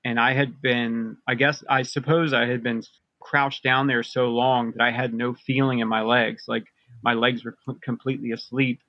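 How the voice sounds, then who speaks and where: A man tells a long personal story in a loose, rambling way, full of fillers and restarts. His voice sits at a middling pitch. The sound is dry and a little dull, like a lo-fi remote recording. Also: little pitch movement, normal speed, no echo. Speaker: podcast guest recounting personal experiences. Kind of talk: casual storytelling.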